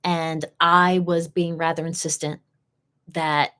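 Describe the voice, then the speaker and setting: A woman with a somewhat low voice tells her own story, earnest and direct. She repeats her key phrases for weight as she hosts a live session. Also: little pitch movement, takes it slowly, a bit bright, smooth. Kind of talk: personal storytelling.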